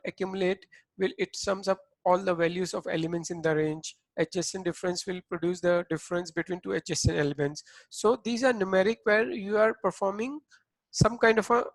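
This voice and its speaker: A man's voice: high-pitched, no echo, poor audio. A man giving a recorded programming lecture, explaining step by step with frequent fillers and restarts. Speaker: programming instructor.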